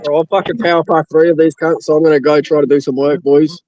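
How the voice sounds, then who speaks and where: A man chatting on a live stream call, relaxed and swearing, with plenty of fillers. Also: a little high, fast talker. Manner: laid-back, swearing, trails off with fillers. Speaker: guest on call. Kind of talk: casual chat.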